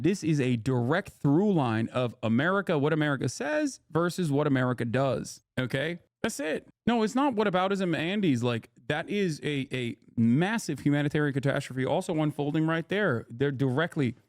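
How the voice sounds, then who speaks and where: A man riffing on clips during a live stream, fired up and sarcastic, hammering his points home. His voice sits a little high, and the sound is dry and close to the mic with no room around it. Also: lively intonation, moderate pace, few pauses, dry recording. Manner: sarcastic, heated, emphatic. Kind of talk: casual live-stream commentary.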